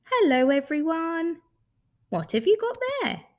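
A woman voicing a big, friendly, furry horned creature with a high, cheerful voice in a read-aloud storybook. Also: very animated, a little slow, exaggerated voice.

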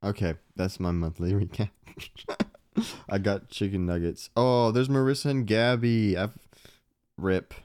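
A man's voice: fairly low pitch, steady tone, measured pace, long pauses, darkish tone, clean tone, dry recording, clean studio sound. A young man co-hosting a podcast in casual chat, laid-back and joking, swearing freely. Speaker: podcast co-host.

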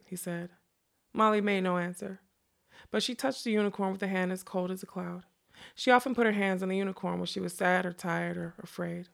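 A woman with a lowish, gravelly voice reads a fantasy novel aloud. She moves at an unhurried pace and drops in quick casual asides. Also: steady tone. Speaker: reader.

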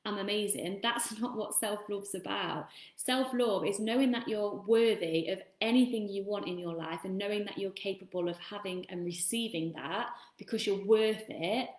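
This coach from England, focused on self-love, sounds a little high and a little mellow. Her motivational talk is casual and meandering, with plenty of swearing, recorded in a room with echo.

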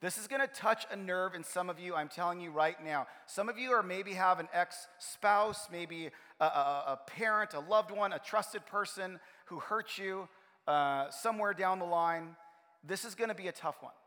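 A man preaching a sermon as pastor of his church, telling stories in an animated way. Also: sits high, moderate pace. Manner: animated storytelling, acts out his own frustration. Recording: long hall reverb.

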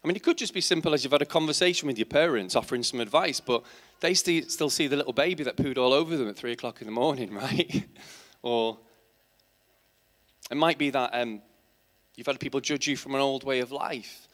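A man's voice: mid-range voice, fairly quick, a bit bright. A man preaching a sermon in church, asking his congregation rhetorical questions and building to emphatic, passionate points. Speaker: teacher.

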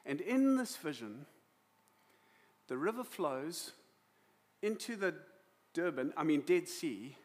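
Animated South African preacher, a man. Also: a little high, slow, long pauses. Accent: South African English. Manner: animated, emotional storytelling. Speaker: pastor. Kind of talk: sermon.

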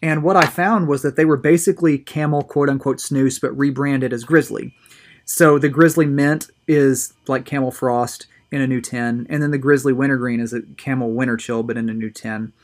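A man's voice: medium pitch, fairly even intonation, normal speed. A man hosting his own video show, talking casually and enthusiastically, often repeating words as he goes. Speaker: host of a tobacco review show. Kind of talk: casual solo video monologue.

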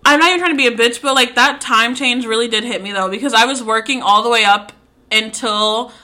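Young woman podcast co-host, bright sharp tone, loose profane chat. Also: fairly high pitch, a little fast. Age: 20s. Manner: candid, slangy and profane, laughing often. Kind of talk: casual chat.

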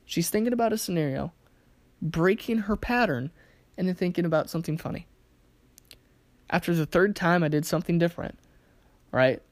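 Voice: medium pitch, moderate pace, pauses often, no echo. A communication teacher giving a casual spoken lesson, telling anecdotes with acted-out quotes and asking rhetorical questions.

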